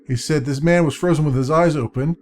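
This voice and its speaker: A man giving casual let's-play commentary, chatty and thinking out loud as he plays. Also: on the high side, a little fast, a little hiss or hum.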